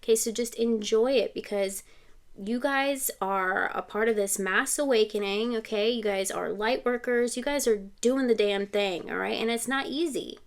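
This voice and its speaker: A woman's voice: a little high, moderate pace. A woman giving a casual tarot reading to camera, chatty and reassuring, often checking in with "okay?". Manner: quotes song lyrics and sings snatches. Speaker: tarot reader.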